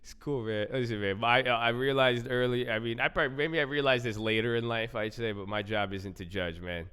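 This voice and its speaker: A man's voice: medium pitch, steady tone, fairly quick, bright, forceful tone, clean tone, in a large hall. A man hosting a casual livestream, chatting loosely and repeating himself, saying "bro" and "man" a lot. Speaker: livestream host.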